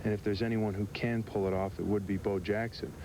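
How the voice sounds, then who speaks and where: A man's voice: lowish voice, little pitch movement, fairly quick. A man speaking as a pro football player in an interview clip, blunt and joking. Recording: noisy outdoor news clip.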